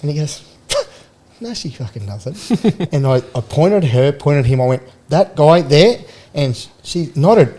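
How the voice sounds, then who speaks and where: Here a former rugby league player, a middle-aged man from Queensland, Australia, chats casually as a podcast guest in a radio studio, spinning rambling stories with restarts and laughs. His mellow voice sits on the high side and moves at normal speed with hardly any pauses.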